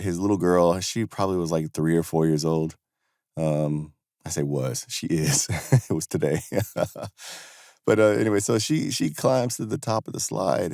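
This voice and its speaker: A man's voice: deep voice, a little mellow, no echo, studio quality. A man hosting a podcast, talking in a loose, rambling way and leaning often on "you know" and "man". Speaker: podcast host. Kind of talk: casual monologue.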